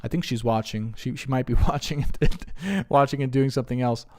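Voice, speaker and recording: A young man on a live stream answering viewers' questions as a spiritual reader, earnest and rambling, getting animated when he retells stories. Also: mid-range voice, fairly quick. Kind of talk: casual live stream chat.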